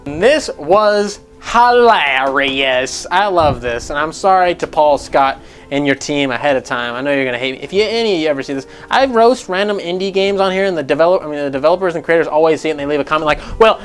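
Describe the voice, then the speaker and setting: Sarcastic guy ranting through gaming news, kinda high voice, curses a lot. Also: fast talker, fairly bright tone, soft background music. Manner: rambling, sarcastic, swears freely. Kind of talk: casual gaming news commentary.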